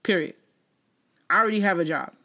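A woman co-hosting a casual talk show, telling stories in an animated way and acting out the people in them, laughing often. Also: on the low side, fairly quick. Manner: animated storyteller who mimics others and laughs often. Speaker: podcast co-host. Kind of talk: casual banter.

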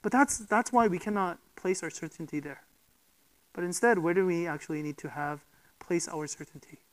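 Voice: medium pitch, moderate pace, low-quality recording. A preacher giving a sermon, speaking emphatically, posing rhetorical questions and often checking in with the listeners.

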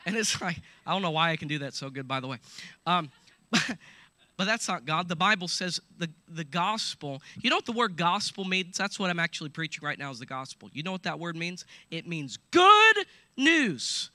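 A man preaching a sermon, animated and joking, laughing between points and calling out to his listeners. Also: on the high side, brisk, no room sound. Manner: animated, laughing asides, call-and-response. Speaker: pastor.

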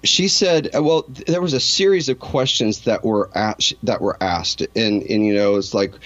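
Earnest low-voiced man telling his story. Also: moderate pace, hardly any pauses, dry recording, lo-fi sound. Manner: emotional, earnest, rambling with many restarts. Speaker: interview guest. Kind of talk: candid personal storytelling in an interview.

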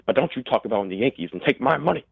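A man's voice: mid-range voice, animated, very fast, creaky, breathy edge, dry recording. A man calling in on the phone, putting on a wacky, edgy radio voice and talking pushily. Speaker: caller. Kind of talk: prank call bit. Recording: tinny phone line, dry.

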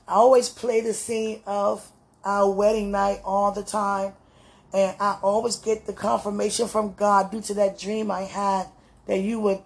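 A woman, talking warmly and laughing as she gushes to her fiancé in a casual, heartfelt message. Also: a little high, gravelly. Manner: affectionate, laughing, gushing, religious.

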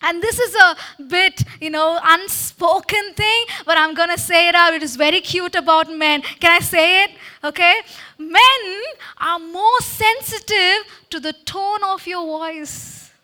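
A woman's voice: very high voice, a little slow, pushed and bright. A woman giving a sermon-style talk to a congregation into a handheld mic, exhorting the listeners and checking in with them again and again. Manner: exhorting, with frequent "Okay?" call-and-response. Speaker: speaker at a church meeting. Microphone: handheld microphone.

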